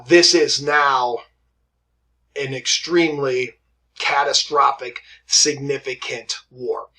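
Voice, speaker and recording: A man's voice: fairly high pitch, sharp tone. A man teaching a history lesson in a conversational way, often checking in with "right?" and "okay?" and acting out quotes from historical figures. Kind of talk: classroom history lecture.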